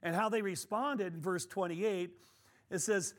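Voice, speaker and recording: A middle-aged man teaching a Bible study in a conversational, animated way, often repeating words and adding fillers. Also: sits high, unhurried.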